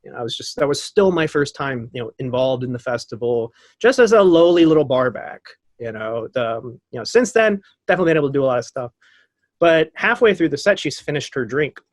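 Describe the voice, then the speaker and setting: A man in his thirties tells a story in a casual, animated way, acting out the voices of the people in it and laughing often. His voice sits at an ordinary middle pitch. The recording is close and dry, with no room sound. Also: a little fast, no room sound. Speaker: podcast guest.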